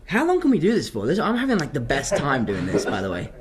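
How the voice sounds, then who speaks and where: A man's voice: fairly high pitch, fast talker, a little hiss or hum. A young man, an actor answering fan questions in a casual live Q&A, telling stories with self-mocking asides. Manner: animated, chatty storytelling, self-mocking asides.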